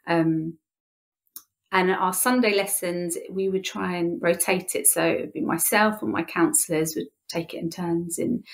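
Soft-spoken English woman sharing a story. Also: on the low side. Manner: heartfelt storytelling with frequent restarts. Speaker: interview guest, youth leader. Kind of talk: conversational interview.

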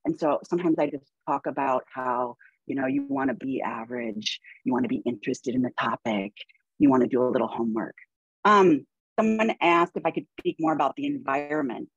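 Woman chemistry lecturer, panel speaker, husky, dry close sound, chatty with fillers. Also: low-pitched, no room sound, lo-fi sound. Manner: conversational, many fillers and restarts, quotes herself. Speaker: chemistry instructor. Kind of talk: panel discussion, anecdotal.

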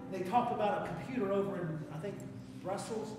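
A man's voice: high voice, a little fast, hardly any pauses, recorded from a distance, noisy background. A man with an Appalachian accent preaching a sermon as pastor, with fervent, repetitive exhortations. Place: church sanctuary. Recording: echoey church hall, mic from afar.

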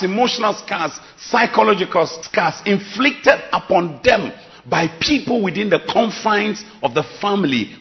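A middle-aged man delivers a sermon in a slightly raised voice. He preaches emphatically, swinging from loud declarations to hushed lines for drama. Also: a little high. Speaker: pastor.

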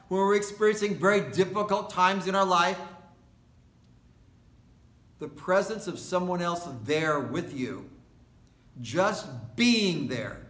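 Male pastor, bright higher voice, unhurried emphatic sermon delivery, reverberant worship room. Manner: slow, deliberate preaching with long pauses and emphatic repetition. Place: indoor worship space at a retirement community.

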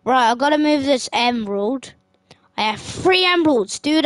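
A woman giving casual, excitable gameplay commentary as a streamer. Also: high-pitched, normal speed, dry recording. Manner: excitable, yelps and exclaims while playing. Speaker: gaming streamer.

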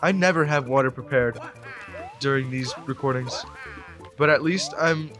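A young man in his late teens giving rambling let's play commentary into a desk mic, breaking into sudden excited yelps. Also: medium pitch, normal speed, soft background music. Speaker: gamer.

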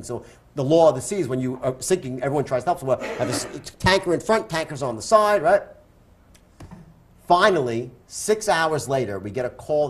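A man in his fifties with a New York accent, telling a wild story on stage as an interview guest, loud and laughing, acting out the other voices. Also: mid-range voice. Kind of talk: animated storytelling.

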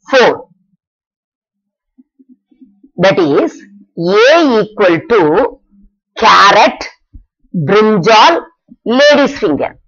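A woman explains a math lesson at an unhurried pace, her pitch rising and falling a great deal. She asks her own questions and answers them, repeating each step for the class. The recording sounds dull and lo-fi. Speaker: math teacher.

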